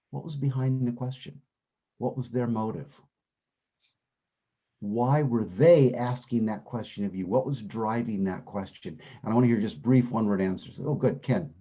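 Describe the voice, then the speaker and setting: A man with a low, mellow and slightly husky voice teaches a Bible class in an easy, conversational way. He asks his listeners questions and comes back to his key phrases again and again. The recording sounds dull and lo-fi. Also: expressive, normal speed. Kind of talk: interactive class lesson.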